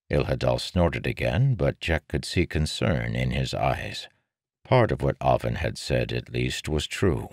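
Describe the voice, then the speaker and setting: A man narrating a fantasy audiobook in a measured, even storytelling manner. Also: rumbling low, no echo, clean studio sound. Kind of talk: scripted narration.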